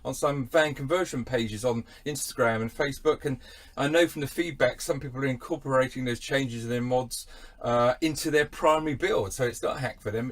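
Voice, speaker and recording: English man, middle-aged, channel host; husky, self-mocking, rambling monologue. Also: mid-range voice. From England.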